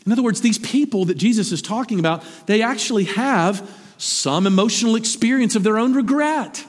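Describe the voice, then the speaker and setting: A middle-aged man delivers a sermon in an animated, conversational way, throwing rhetorical questions to his congregation. His voice sits high and a little husky, with lively swings of pitch. It rings out with a long reverb, like a church sanctuary. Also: brisk. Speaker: pastor.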